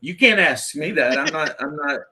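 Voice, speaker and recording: Husky man chatting bluntly. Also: on the high side, lively intonation, moderate pace, pushed and bright. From Eastern Kentucky, USA. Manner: rambling, profane, blunt. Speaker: podcast host. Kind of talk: casual chat.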